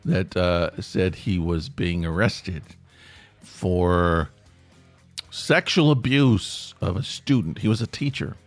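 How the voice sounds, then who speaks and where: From his home near Atlanta, a man with a mid-range voice hosts a solo podcast on a dry recording. He's casual and chatty, rambling and often interrupting himself to restart sentences.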